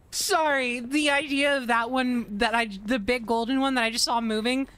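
A woman streamer giving live commentary on a horror game, swearing, laughing and yelling when she gets startled. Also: a little high, steady tone, unhurried, very noisy. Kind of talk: live let's-play commentary.

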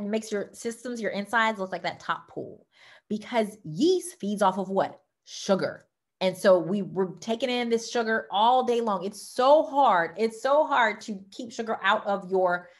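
An animated woman with a Southern accent chats about wellness products in a casual, excitable way. She often trips over her words when she gets excited, and she sprinkles in y'all and okay. Her voice sits at an ordinary pitch. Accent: Southern American. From Louisiana, United States. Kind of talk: casual product talk to camera.

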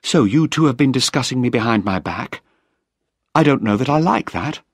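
A man reading aloud gives voice to a young woman scientist in a storybook, her voice lifted well above the reader's own low register and swinging widely. The recording is close and dry, with no room sound. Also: lively intonation, moderate pace, slightly rough, dry recording. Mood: reproachful. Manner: raised, lighter pitch for her lines. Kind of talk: graded reader audiobook.

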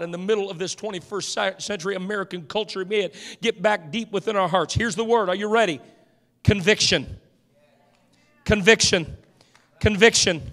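A man preaching a passionate sermon as pastor, building up to shouts. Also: high-pitched. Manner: impassioned preaching, swelling to shouts. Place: church sanctuary. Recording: church hall reverb.

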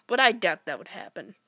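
A woman giving goofy, playful commentary while playing retro games, jumping between whispers, squeals and shouts. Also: medium pitch, background noise. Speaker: gameplay commentator. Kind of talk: casual let's-play commentary.

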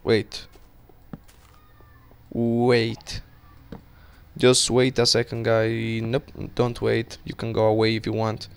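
A young man giving casual, excitable commentary while playing a game, swearing and talking to himself. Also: mid-range voice, slow, long pauses, clean tone. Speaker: gaming channel host.

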